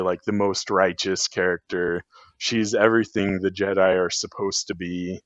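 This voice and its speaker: A man's voice: deep voice, fairly even intonation, a little slow, a bit bright, dry recording. A man talking as a podcast guest in a rambling, casual way, full of fillers and restarts. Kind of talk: casual chat. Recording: dull lo-fi sound.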